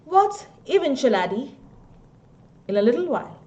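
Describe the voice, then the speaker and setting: A woman's voice: on the high side, very animated, normal speed, mellow, muffled recording. A woman teacher with an Indian English accent, reading a story aloud and stopping to explain its words.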